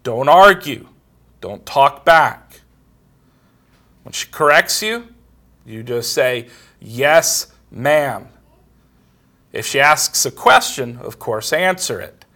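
A man's voice: medium pitch, lively intonation, slow pace, pauses often, sharp tone. A middle-aged man, preaching a sermon and telling everyday stories in a plain, conversational way. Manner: plain storytelling, quoting others in conversation.

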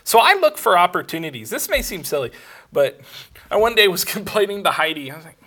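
A man's voice: a little high, sing-song, fast talker, pushed and bright. A man preaching a sermon, telling a personal story with laughs and acted-out dialogue. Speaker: pastor.

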